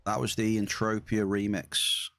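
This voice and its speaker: A man's voice: fairly low pitch, completely flat delivery, measured pace, a bit bright. A man streaming a game, chatting casually and talking straight to his chat. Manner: chatty, addresses chat directly. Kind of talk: casual live-stream chat while gaming.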